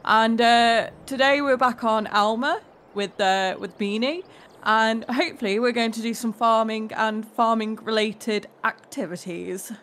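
A woman's voice: a little high, a little slow, fairly bright tone. A woman doing an exaggerated posh-man impression as a mock intro in a gaming video. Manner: exaggerated plummy posh delivery. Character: posh English man, game-show-style host.

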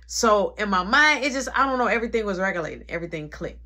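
A young adult woman telling a personal story in an animated, dramatic, slangy way. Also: mid-range voice, quick pace. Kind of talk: casual storytime.

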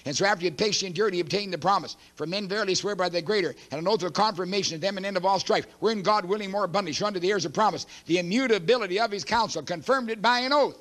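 This man delivers an emphatic, preachy sermon in a voice that sits high. He swings between loud declarations and hushed asides and reads scripture aloud quickly.

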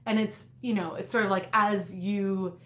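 A woman's voice: mid-range voice, steady tone, a little slow, a bit bright. A woman in her thirties hosting a casual craft livestream, rambling with lots of fillers and restarts. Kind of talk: casual live chat. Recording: echoey room.

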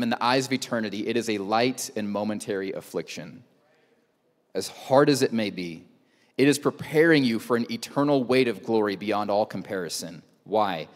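A male pastor preaching a sermon in a conversational way, with rhetorical questions and joking asides. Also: mid-range voice. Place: church auditorium. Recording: long church hall reverb.

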